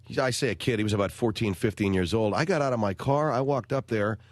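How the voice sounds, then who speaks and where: A man's voice: lowish voice, fast, no echo. A man in his forties hosting a talk radio show, telling rambling, wry stories. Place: radio studio. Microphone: close studio microphone.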